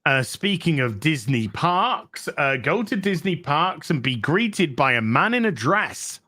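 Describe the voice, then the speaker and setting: A man hosting a casual podcast, mocking and quick to laugh. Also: fairly high pitch. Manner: lively, mocking, laughs often. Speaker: podcast host. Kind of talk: casual chat.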